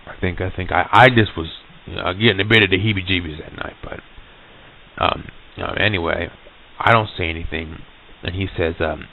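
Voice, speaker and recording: A man with a very low, gravelly voice recounts an eerie encounter, halting and restarting as he goes. The sound is thin and phone-like, as if from an old reel-to-reel tape. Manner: halting, full of restarts and stutters. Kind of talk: first-person storytelling.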